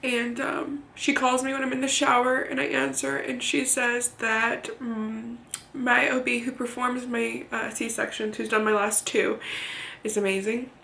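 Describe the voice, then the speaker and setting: A young woman vlogging, telling a personal story to the camera in a candid, halting way, swearing now and then and close to tears. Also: on the high side, flat delivery, gravelly, pushed and bright, slight background noise. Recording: roomy echo.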